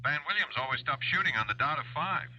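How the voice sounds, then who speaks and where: An actor playing a friendly, slightly flustered husband on a call in a 1970s radio drama. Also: male voice, on the high side, lively intonation, quick pace, bright, forceful tone. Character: eager young husband calling his sister-in-law. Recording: dull 1970s radio broadcast.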